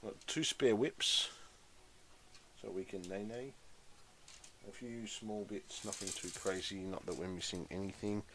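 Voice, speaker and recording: A man's voice: lowish voice, steady tone, a little slow, pauses often, a bit bright. A man hosting a casual live stream, chatty and muttering to himself while concentrating on a build.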